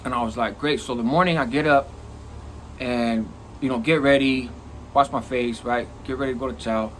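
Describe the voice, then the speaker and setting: A middle-aged man telling a prison story in a casual, profane, animated way. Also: medium pitch, normal speed, slight background noise. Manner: animated, profane, acts out quoted lines.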